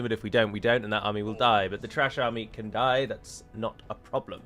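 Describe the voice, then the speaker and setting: A man's voice: lowish voice, steady tone, a little fast, a bit bright, faint music behind. A British man giving chatty live commentary as he plays a strategy game, breaking into mock-heroic pronouncements. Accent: British English. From United Kingdom.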